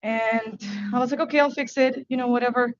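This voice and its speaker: Woman testifying at a hearing, english not her first language, emotional and halting, dull flat sound, pretty high voice. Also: no room sound. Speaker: business owner before a licensing board. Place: hearing room.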